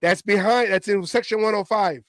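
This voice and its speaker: Animated man telling fan stories. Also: sits high, moderate pace, dry recording. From Oakland area, California. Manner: animated, acts out chants in his stories. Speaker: podcast co-host. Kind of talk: casual storytelling chat.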